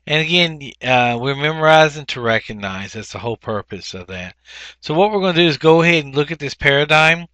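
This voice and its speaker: A man teaching a recorded grammar lesson, explaining step by step with frequent ums and restarts, and slowing down to sound out words. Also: fairly high pitch, expressive, sharp tone, no echo.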